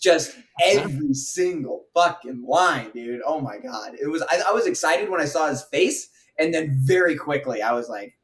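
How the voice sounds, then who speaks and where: A man co-hosting a casual film review podcast, speaking haltingly with many fillers. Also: on the high side, animated, far from the mic. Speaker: podcast co-host.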